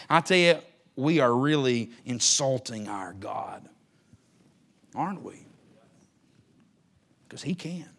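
A man preaching a sermon to his church. He swings from shouted, drawn-out lines to quiet, fast, joking asides. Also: medium pitch. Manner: folksy, joking. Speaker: pastor. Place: church sanctuary.

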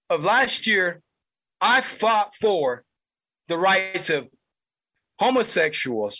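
A man's voice: sits high, bright, forceful tone, low-quality recording. A man hosting a political podcast, delivering an angry, heated monologue and repeating lines for emphasis. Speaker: podcast host.

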